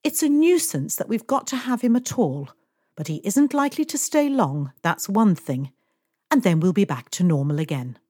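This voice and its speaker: In a very animated, medium-pitched voice with a darkish tone, a woman reads at normal speed as a wealthy, fussy middle-aged lady. The character is languid and complaining, somewhat imperious, bossing her employee about. It's a dry studio-quality recording.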